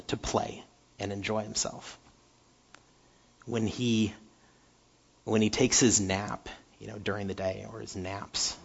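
A man preaching a sermon, halting and repeating words, moving from animated stretches to hushed earnest ones. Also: lowish voice, vocal fry, slightly rough, lo-fi sound.

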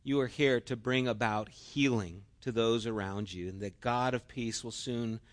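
A man's voice: mid-range voice, moderate pace. A middle-aged man preaching a sermon in an earnest, storytelling way and acting out quotes.

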